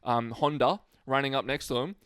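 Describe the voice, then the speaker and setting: A man's voice: mid-range voice, brisk, fairly bright tone, smooth, dry recording. A man with an ordinary mid-range voice gives confident footy takes, full of jokes and colourful comparisons. The sound is dry and close, with no room around it. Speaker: podcast co-host. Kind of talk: casual sports chat.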